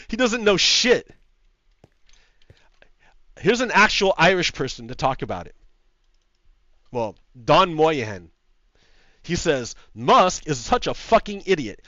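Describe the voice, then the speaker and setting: A man with a fairly high voice rants over his gameplay, heated and profane, repeating himself and laughing as he goes. The sound is dry, with little room to it. The recording is a bit dull and lo-fi. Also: very animated, slow pace, long pauses, bright, forceful tone, no echo. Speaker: gaming video host. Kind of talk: casual ranting commentary over gameplay. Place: home setup with green screen.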